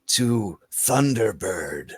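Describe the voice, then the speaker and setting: A man voicing a male lizardfolk hunter who speaks slowly and gravely in formal phrases. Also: fairly low pitch, very animated, exaggerated voice. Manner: slow, grave, measured speech.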